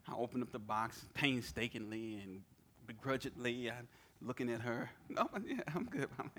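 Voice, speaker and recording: A man's voice: mid-range voice, creaky, slight background noise. A male pastor preaching a sermon, telling personal stories in a conversational way and often asking "right?". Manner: animated storytelling with personal anecdotes; conversational, repeats words and asks "right?".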